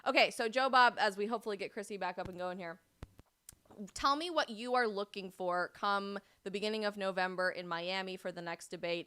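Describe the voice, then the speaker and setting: A young adult woman from Idaho hosting a political livestream, talking in an animated, emphatic way. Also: medium pitch, clear, resonant tone. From Idaho, USA. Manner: animated, emphatic, quick asides. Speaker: host.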